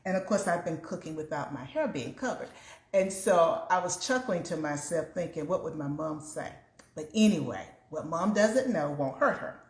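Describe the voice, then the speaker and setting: A woman's voice: lowish voice, animated, normal speed. A woman hosting a home cooking video, chatting casually with viewers as she works in her kitchen. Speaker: home cooking show host. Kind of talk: casual cook-along chat. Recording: echoey kitchen room.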